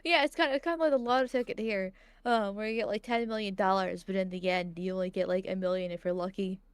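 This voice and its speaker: A woman streamer chatting casually on a live stream, self-deprecating and halting, with frequent giggles. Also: mid-range voice, fairly even intonation, clean tone, no room sound. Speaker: streaming guest.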